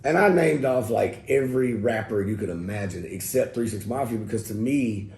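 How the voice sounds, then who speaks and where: A middle-aged man, casually telling an interview story in a loose, profane, animated way and quoting people as he goes. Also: lowish voice, normal speed. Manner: loose, profane, animated retelling with quoted dialogue. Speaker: rapper telling his story as guest. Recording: roomy echo with faint background noise.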